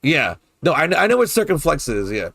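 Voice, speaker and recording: A man's voice: a little high, wildly swooping pitch, fairly quick, creaky, fairly bright tone, no echo. A man streaming a game and chatting casually with his viewers, puzzling aloud over pronunciations, hesitant and repeating his words, curious and playful. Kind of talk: casual chat with viewers while gaming.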